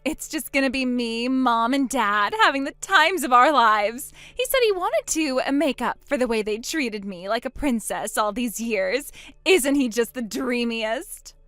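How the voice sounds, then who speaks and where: A woman's voice: fairly high pitch, expressive, measured pace, a bit bright, no room sound, faint music behind. A woman voicing a boastful, spiteful young woman who mocks her sister in a text-story drama. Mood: gloating. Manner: smug, mocking, gloating.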